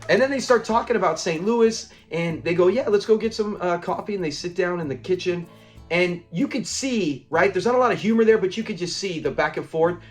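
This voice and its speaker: Male reviewer, casual recap, acts out quotes; mid-high voice with soft music under. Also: brisk. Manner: rambling retelling, acts out lines and laughs. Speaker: show reviewer.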